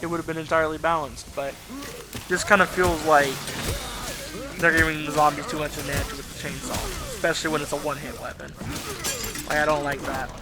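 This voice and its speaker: A man's voice: on the high side, little pitch movement, brisk, loud music behind the voice. A Southern man giving casual, rambling let's play commentary, swearing and laughing freely. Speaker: gaming YouTuber.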